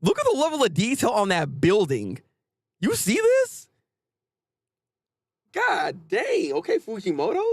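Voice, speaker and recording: A man hosting a casual live manga reaction, chatty and animated, often restarting his sentences. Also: sits high, normal speed, hardly any pauses, dry recording, studio quality.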